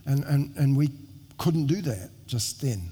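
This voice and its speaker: Earnest middle-aged preacher in a reverberant hall. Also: male voice, medium pitch, lively intonation, a little slow, mellow, breathy edge. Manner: earnest, conversational, with frequent restarts and self-deprecating asides. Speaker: pastor. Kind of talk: sermon with storytelling. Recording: long reverb of a large hall.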